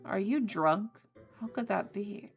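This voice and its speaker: A woman's voice: mid-range voice, lively intonation, unhurried, vocal fry, faint music behind. A woman voicing a tired, fretful professor in a visual novel game, scolding and worn out. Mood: weary. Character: weary, fretful professor caring for creatures.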